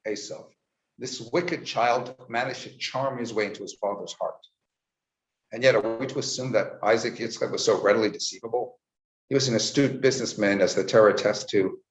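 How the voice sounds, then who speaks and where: A male rabbi giving a Torah teaching, mid-pitched, breaking into animated voices when he tells a story. The sound is roomy and a little dull, with echo around him. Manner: storytelling with lively voiced quotes. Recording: echoey, slightly dull recording.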